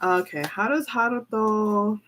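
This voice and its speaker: A woman reading tarot cards in a casual, chatty way, excitable and giggly. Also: mid-range voice, a little slow, background noise. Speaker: tarot reader. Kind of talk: casual chat.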